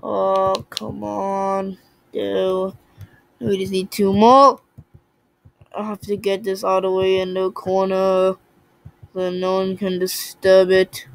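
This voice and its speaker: A young woman giving casual commentary while playing a puzzle game, excitable, swinging from muttering to shouting at the game. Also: mid-range voice, slow pace, gravelly, smooth, dry recording, rough recording. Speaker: gaming video creator.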